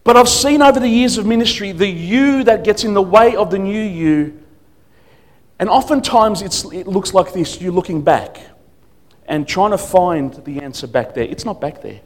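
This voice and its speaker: A man preaching as a guest speaker at a church service, emphatic, swinging between loud declarations and quiet asides. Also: high voice, normal speed. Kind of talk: sermon.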